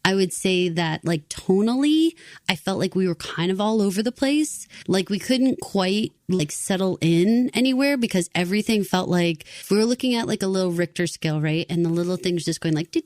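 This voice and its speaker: A woman's voice: lowish voice, a little fast, no echo, clean studio sound. A woman co-hosting a podcast, talking expressively and casually about a TV episode. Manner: expressive, chatty, uses many fillers like 'like'. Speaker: podcast co-host. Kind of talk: casual TV recap chat.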